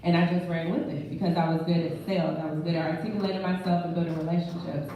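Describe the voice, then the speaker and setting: A woman's voice: on the low side, fairly even intonation, quick pace, crowd noise. A young woman who works as a mortgage branch manager, telling her career story in a candid, self-assured, conversational way on a live panel. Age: young adult. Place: live event room. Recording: echoey room, distant mic, dull sound, faint noise.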